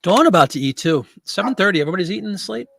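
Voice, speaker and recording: This online seller's voice is high, animated and very fast, a bit bright and husky with vocal fry, with no room sound. Hosting a casual live listing stream from home, he talks to viewers and coos at his pet through a desk mic.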